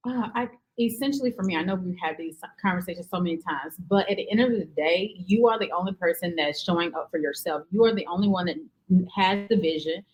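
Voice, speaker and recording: A woman from North Carolina with a Southern accent, a podcast guest who speaks in an earnest, measured way. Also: lowish voice, breathy edge, low-quality recording. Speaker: podcast guest, nonprofit founder. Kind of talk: conversational interview.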